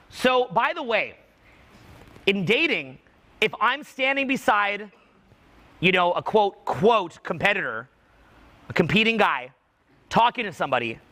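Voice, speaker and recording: A man coaching a student in a live speaking workshop, urging him on in a commanding, energetic way. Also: high-pitched.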